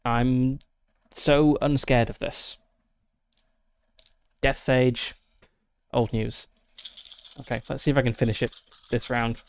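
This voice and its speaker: Into a close desk mic, a man casually narrates his solo tabletop game, methodically thinking aloud through dice rolls and rules with frequent fillers. His mid-range voice is clear and resonant, with no echo.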